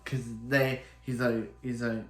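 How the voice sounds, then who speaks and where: Male show reviewer, mid pitch, loose rambling recap, echoey room. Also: level tone, a little slow. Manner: rambling, many restarts and fillers. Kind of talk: casual episode recap. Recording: roomy echo.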